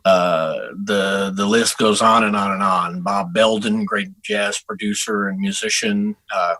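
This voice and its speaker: A middle-aged man from Texas chats easily as a guest musician, circling back and restarting his sentences as the stories come. His voice has a bright, forward ring. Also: on the low side, a little slow, poor audio. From Houston, Texas. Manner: relaxed storyteller with frequent restarts. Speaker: guest saxophonist. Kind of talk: casual interview chat.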